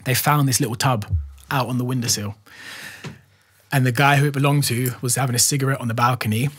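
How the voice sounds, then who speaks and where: A man's voice: mid-range voice, fast, husky. A man with a London accent, a podcast guest telling a story in casual, slang-filled chat and laughing often. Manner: animated, laughing, slang-heavy, says "bro" often.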